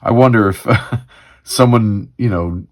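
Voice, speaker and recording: A man's voice: lowish voice, slow pace. A man hosting a comics read-through livestream, musing casually with many fillers.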